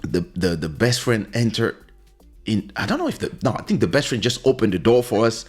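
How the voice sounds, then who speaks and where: A man hosting a podcast, telling a story in a casual, animated way, acting out quotes and slipping into French phrases. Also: on the low side, fairly quick, slightly rough, faint music behind. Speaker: podcast host.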